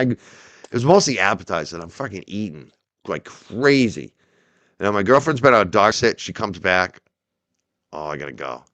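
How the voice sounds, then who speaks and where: A man's voice: lowish voice, a bit bright, dry recording. A man hosting a casual livestream, chatting animatedly with his chat, joking and swearing as he waits for a court feed. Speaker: livestream host.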